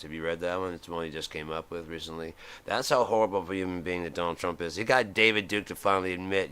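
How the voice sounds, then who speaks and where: A man's voice: deep voice, brisk, hardly any pauses, bright, forceful tone, smooth. A man, middle-aged, hosting a live stream and ranting in a heated, profane way, acting out the voices he quotes. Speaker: host.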